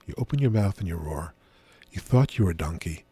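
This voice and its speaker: A middle-aged man speaks in a husky, slightly low voice as a guest on a radio show. He tells his stories gently and without hurry, close to a dry studio mic. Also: animated, dry recording. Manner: gentle, unhurried storyteller. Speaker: author and spiritual teacher as guest. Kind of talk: relaxed radio interview storytelling.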